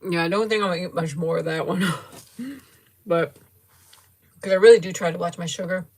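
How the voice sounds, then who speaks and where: A middle-aged woman with a fairly low, slightly mellow, husky voice hosts a casual livestream. She tastes a sweet and giggles often while gushing thanks to viewers by name.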